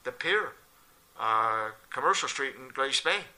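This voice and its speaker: An older man spins a casual anecdote with a very bright, forceful edge to his voice. He jumps into lively voices for the people he quotes, and his pitch sits at an ordinary middle level. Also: measured pace, rough recording. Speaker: local storyteller.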